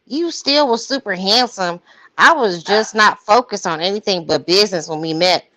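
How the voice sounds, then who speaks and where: A woman's voice: medium pitch, normal speed, pushed and bright, lightly acted, low-quality recording. A woman mocking a gushing, lovestruck woman. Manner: exaggerated, mocking sing-song reading. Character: gushing infatuated woman writing love texts.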